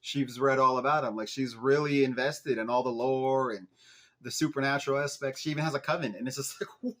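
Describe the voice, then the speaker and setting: A young man hosting a fan podcast, walking through an episode in relaxed, chatty talk. He keeps breaking into laughter and exasperated swearing at the characters, and his voice sits at an ordinary middle pitch. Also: brisk. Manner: animated, swearing, laughing at the plot. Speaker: podcast host recapping an episode. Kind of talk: casual recap chat.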